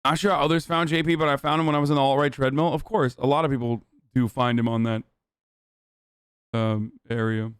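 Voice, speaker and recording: A man's voice: mid-range voice, fairly even intonation, a little fast, a bit bright, clear, resonant tone, dry recording, studio quality. A man in his thirties doing casual livestream commentary, blunt and profane in an opinionated rant. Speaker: streamer reacting to videos.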